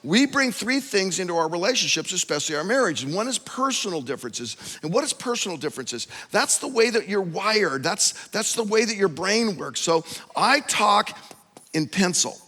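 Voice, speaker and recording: A pastor preaches a sermon in a church auditorium, telling personal stories with animation and acting out the voices of the people in them. His voice sits high and moves at a moderate pace, with long hall reverb around it.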